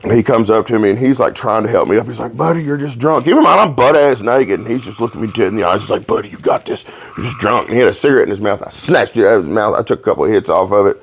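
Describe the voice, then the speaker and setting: A man hosting a podcast, telling rowdy stories in a profane, animated way and laughing along. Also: lowish voice, rapid-fire, creaky, few pauses, breathy edge. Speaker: podcast host. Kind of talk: casual storytelling chat.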